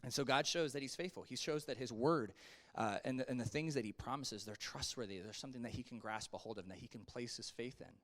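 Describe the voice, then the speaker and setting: A man with a medium-pitched voice teaches a casual Sunday school Bible lesson at a quick pace. He's conversational and animated, swinging his voice up and down as he acts out quotes and drops asides to the class.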